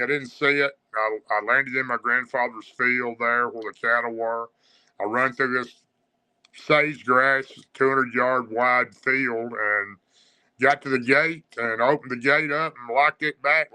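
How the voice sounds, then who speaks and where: Man, very bright sharp tone, casual storytelling, rambling with uh's and restarts, guest on a talk show. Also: mid-range voice, smooth, poor audio. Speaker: guest recounting encounters.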